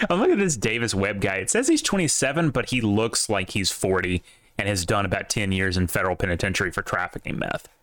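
A young man co-hosts a casual sports podcast. He is animated and profane, and his voice swings widely in pitch. He is recorded on a dry close mic. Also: brisk, no room sound. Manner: animated, swearing, laughing, big pitch jumps. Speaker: podcast co-host.

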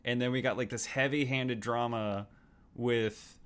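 A man's voice: mid-range voice, steady tone, unhurried, fairly bright tone, smooth. A man with a mid-range voice co-hosts a casual movie-review podcast. He talks in long, emphatic runs, piling up points as he critiques. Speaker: podcast co-host.

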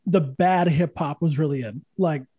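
A man's voice: fairly high pitch, normal speed, mellow, slightly rough, dry recording. A man in his thirties, a podcast host and guitar teacher, telling stories in casual conversation, swearing freely and acting out the voices of the people he quotes.

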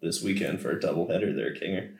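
A man's voice: deep voice, quick pace, creaky, recorded from a distance. A man hosting a casual podcast chat, teasing the others and chuckling through his banter. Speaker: podcast host. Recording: echoey room.

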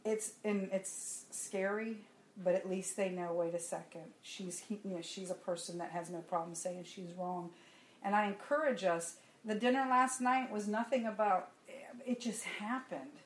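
A woman's voice: medium pitch, normal speed. A woman, telling a personal testimony to a congregation in a conversational, storytelling way. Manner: conversational storytelling, animated when laughing. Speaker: church speaker giving testimony. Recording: echoey room with faint ambience.

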